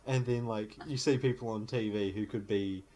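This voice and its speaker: A man's voice: on the low side, fairly even intonation, normal speed, warm tone. A man, co-hosting a podcast in a casual, joking chat and ranting about reality shows. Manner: jokey, ranting, acts out quotes in mock voices. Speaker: podcast co-host.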